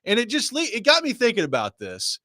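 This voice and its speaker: A man hosting a sports talk show, telling a story in a casual, animated way with laughing asides. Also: sits high, a little fast, no echo, clean studio sound. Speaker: sports radio host.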